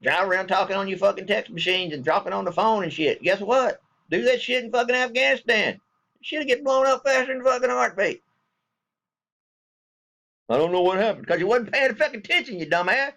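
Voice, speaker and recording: A man's voice: high voice, a little fast, creaky, bright, forceful tone. A man from the States, a military veteran ranting bluntly and angrily with heavy profanity in a vlog. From Southern United States. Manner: blunt, angry and heavily profane.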